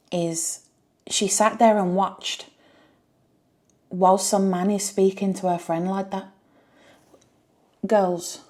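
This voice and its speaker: A woman's voice: fairly low pitch, a little mellow. A woman reviewing a reality show, exasperated and firing rhetorical questions. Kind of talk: reaction review rant.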